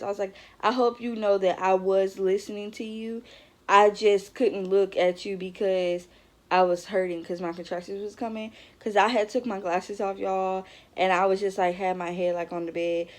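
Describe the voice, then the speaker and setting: A woman's voice: medium pitch, a little mellow. A young woman, telling her own story to the camera in a chatty vlog, with lots of fillers and asides to viewers. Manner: chatty, many fillers, talks straight to viewers. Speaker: vlogger.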